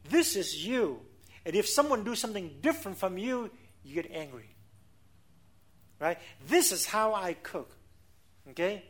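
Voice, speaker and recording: A high-voiced middle-aged man preaching a sermon as pastor. He speaks emphatically in non-native English, often checking in with rhetorical questions. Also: very animated, a little slow, long pauses, slightly rough.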